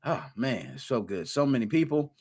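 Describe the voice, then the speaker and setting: Lively hype podcast host, a man. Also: medium pitch, normal speed. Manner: hype, playful, rhymes and slang, big shout-outs. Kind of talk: live-streamed gaming podcast intro, shouting out chat.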